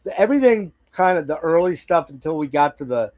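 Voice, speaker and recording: A man's voice: on the high side, lively intonation, a little fast, darkish tone. A man hosting a casual conversational interview about music, talking loosely and rambling, with many fillers and restarts. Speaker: podcast host.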